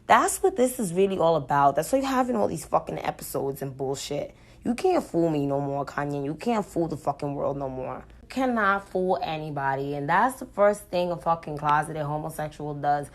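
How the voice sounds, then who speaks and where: A woman's voice: sits low, lively intonation, moderate pace, hardly any pauses. A woman speaking straight to the camera in an unscripted, blunt monologue, swearing freely as she rants. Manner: blunt, profane, ranting. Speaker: vlogger.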